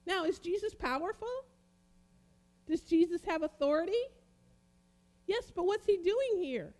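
A woman preaching a sermon, reading Bible passages aloud and explaining them with emphatic, dramatic pauses. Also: very high-pitched, expressive, darkish tone.

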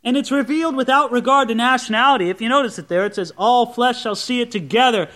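High bright-voiced male preacher. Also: fast. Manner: expository Bible teaching, conversational asides. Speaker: pastor. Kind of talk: sermon.

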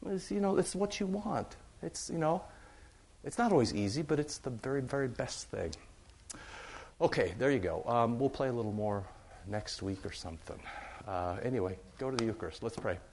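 A man's voice: medium pitch, animated, normal speed, a little mellow, slight background noise. A man preaching to his congregation in a loose, conversational way, often repeating phrases for emphasis. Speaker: pastor. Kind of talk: sermon.

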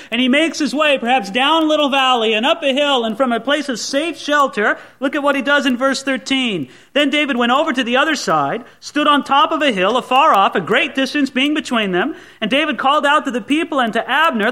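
A man's voice: extremely high pitch, fairly quick, few pauses, pushed and bright. A man preaching a sermon as pastor, retelling the scene dramatically and acting out the people in it. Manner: dramatic, acts out the scene in voices.

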